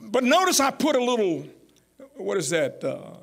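A middle-aged man preaching a folksy, animated sermon as pastor. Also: very high-pitched, normal speed. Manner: folksy, animated, rising to near-shouts.

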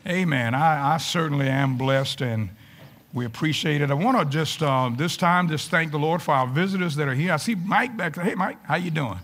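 A man, a pastor, preaching a folksy, animated sermon to his congregation in church, sometimes rising to shouts. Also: fairly high pitch, normal speed. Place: church sanctuary.

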